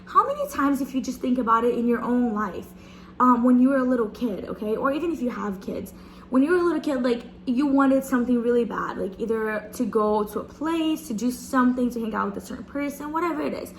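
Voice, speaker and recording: A woman's voice: a little high, brisk, slight background noise, rough recording. Young woman in chatty devotional talk. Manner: chatty, animated, addresses viewers as "guys". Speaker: speaker sharing a Bible reflection.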